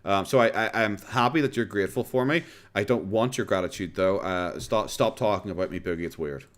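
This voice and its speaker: A man's voice: on the low side, fairly quick. An Irish man hosting a casual commentary stream, sarcastic and profane, breaking into laughter often.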